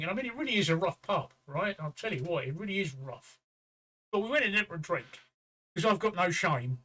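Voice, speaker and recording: Through a low-quality recording, an older man from England speaks in a high-pitched, sharp voice while co-hosting a relaxed livestream. He spins a chatty, profane story, cursing freely and performing the quoted voices.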